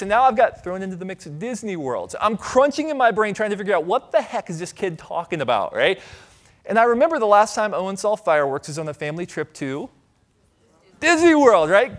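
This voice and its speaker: A middle-aged man from Ohio giving a conference keynote, telling stories with humor and asking the audience questions. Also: high-pitched. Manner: animated storytelling, audience asides, light humor. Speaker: conference speaker. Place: conference stage.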